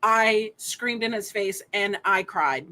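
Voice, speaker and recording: Bright-voiced woman telling animated stories. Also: medium pitch, slow pace. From United States. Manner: animated storytelling, swears, laughs often. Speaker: podcast guest. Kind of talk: casual chat.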